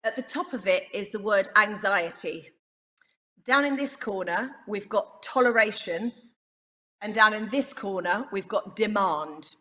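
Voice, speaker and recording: A woman on a parenting panel, explaining her ideas in a measured way. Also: mid-range voice, animated, pushed and bright, big-room sound. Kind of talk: panel discussion.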